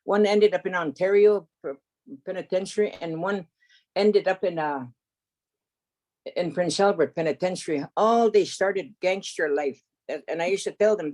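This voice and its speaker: An older woman from Canada, an elder telling stories from her life in an unscripted, halting way, often restarting and adding "eh?". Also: fairly low pitch, darkish tone. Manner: halting, with many restarts, fillers and a tag "eh?". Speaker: elder storyteller. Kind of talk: unscripted spoken storytelling.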